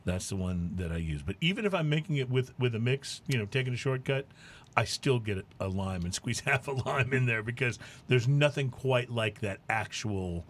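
A man hosting a casual talk show, chatting in a relaxed, easygoing way. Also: mid-range voice, moderate pace. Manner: relaxed, chatty, hesitant restarts. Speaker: podcast host. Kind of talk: casual chat.

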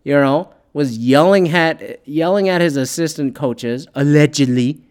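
A man's voice: a little high, a little slow, darkish tone, smooth. A man ranting casually about football, profane and sarcastic, with lots of fillers and asides. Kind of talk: casual opinionated sports rant.

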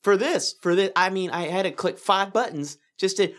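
A woman co-hosting a casual podcast, telling stories in an animated, profane rant. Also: mid-range voice, moderate pace. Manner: animated ranting, swears often, laughs through stories. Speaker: podcast co-host.

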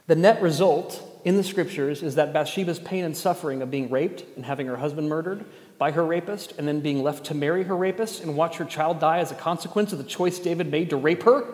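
A man's voice: a little high, a little mellow. A man preaching a sermon as pastor, earnest, with pointed rhetorical questions and a touch of dry sarcasm. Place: church gathering space. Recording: echoey hall, long reverb.

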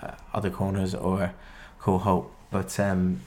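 A man's voice: sits low, completely flat delivery, unhurried, a little mellow, a little hiss or hum. A man hosting a casual podcast chat, rambling and swearing freely. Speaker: podcast host.

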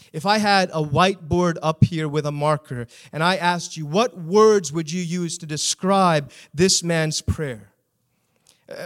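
Man preaching, fairly high voice, earnest, keeps asking the room questions. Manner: earnest, rhetorical questions to the congregation. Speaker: pastor. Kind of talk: sermon.

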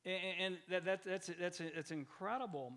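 A man, a pastor, preaching a lively sermon with energetic bursts of loud emphasis and frequent repeated words. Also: sits high, moderate pace.

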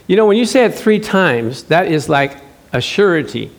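A man preaching a conversational sermon, slowing down to stress scripture and acting out short dialogues. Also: a little high. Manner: animated, acts out short dialogues. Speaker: pastor.

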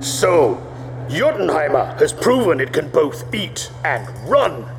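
A man's voice: a little high, very animated, slow, creaky, long reverb tail, faint music behind, voice pushed up, full character voice. A man voicing a proud, defiant male thunder god with a cocky, taunting manner.

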